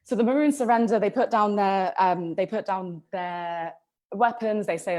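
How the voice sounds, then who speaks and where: Brief: woman podcast co-host, mid-pitched, chatty storyteller with ums and restarts. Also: moderate pace, a little mellow. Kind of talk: casual history podcast storytelling.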